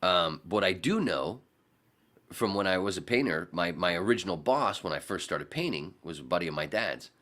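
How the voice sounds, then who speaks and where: Brief: a male podcast guest, animated and profane storyteller, low and bright. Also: moderate pace. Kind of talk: casual storytelling chat.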